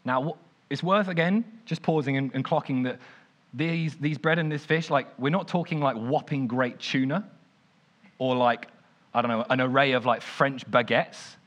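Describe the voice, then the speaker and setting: A young man preaching casually, retelling a story in an animated, conversational way with lots of "like". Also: mid-range voice, moderate pace. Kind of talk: informal sermon storytelling.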